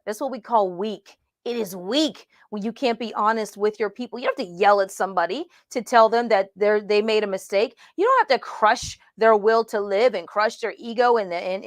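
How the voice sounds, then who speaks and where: A middle-aged woman teaching mentors about leadership mistakes in an emphatic, animated way, acting out the voices she quotes. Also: a little high, no echo, studio quality. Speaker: ministry mentor trainer.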